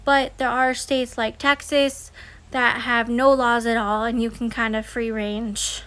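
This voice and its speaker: A homeschooling mother speaks casually to her viewers, candid and chatty, full of "like" and "kinda." Her voice sits high and sounds bright and forward. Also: little pitch movement, measured pace. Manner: candid, chatty storytelling with many fillers. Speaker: homeschooling parent and consultant. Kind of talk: casual personal vlog talk.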